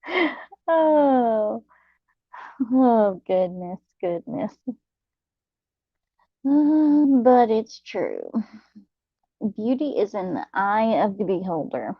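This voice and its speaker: A young adult woman, hosting a late-night live chat, talking softly and laughing often. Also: on the high side, sing-song, dry recording, highs cut off. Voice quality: soft, slow, laughs often. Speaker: channel host reading live chat.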